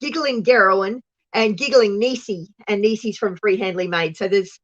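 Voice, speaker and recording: A woman's voice: medium pitch, normal speed, highs cut off. A woman with an Australian accent, hosting a casual live chat with viewers, giggly and chatty and a little congested from a cold. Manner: giggly, chatty, often laughing. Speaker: host.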